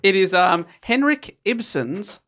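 A woman's voice: mid-range voice, very animated, slow pace, fairly bright tone. A woman hosting a casual book chat, dry and teasing, laughing often. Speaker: podcast host.

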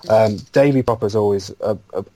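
A man's voice: fairly low pitch, brisk, warm tone, poor audio. A man co-hosting a casual football podcast, talking with frequent restarts and repeated words. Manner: hesitant, repeats words, makes puns. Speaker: podcast co-host. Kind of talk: casual chat.

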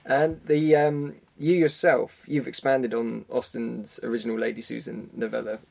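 A man's voice: medium pitch, level tone, moderate pace, vocal fry. A man hosting a film podcast, asking interview questions in a hesitant way with many fillers.

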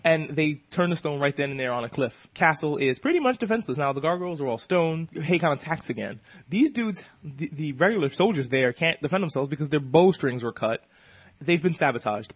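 A man hosting a podcast, recapping an episode in a casual, excitable and profane way, acting out the characters' lines as he goes. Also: a little high, quick pace, breathy edge, no echo. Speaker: podcast host.

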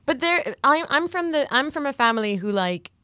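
Lively, rambling woman podcast host. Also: sits high, moderate pace, no room sound. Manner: rambling, self-deprecating, laughing often. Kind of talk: casual comedy chat.

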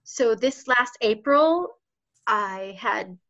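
A woman's voice: a little high, lively intonation, extremely slow, bright, forceful tone. A woman in her thirties, a political candidate telling her story in an interview, passionate and emotional, often laughing as she talks. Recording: slightly dull lo-fi audio.

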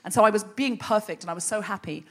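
A woman host telling a comic story live on stage into a microphone, brisk and wry, with dry asides. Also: mid-range voice. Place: live stage before an audience.

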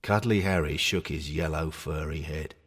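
A man narrating a comic story in a wry, deadpan way. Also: a bass voice, normal speed, slightly rough, no room sound, clean studio sound.

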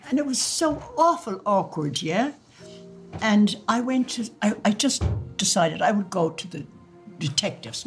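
An older woman with an Irish accent, recounting memories in an interview, acting out old conversations and laughing now and then. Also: fairly low pitch. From Ireland. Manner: lively storyteller who acts out quoted dialogue and laughs.

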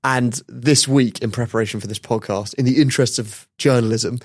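A man's voice: mid-range voice, fairly even intonation, a little fast, dry recording, studio quality. A man hosting a podcast, telling a story in a casual, wry way and laughing often. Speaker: podcast host. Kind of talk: casual chat.

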